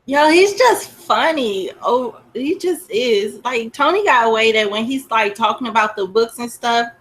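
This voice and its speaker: Brief: woman, fairly high pitch, relaxed slangy delivery. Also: unhurried, a little hiss or hum. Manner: laid-back, slangy. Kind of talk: casual chat.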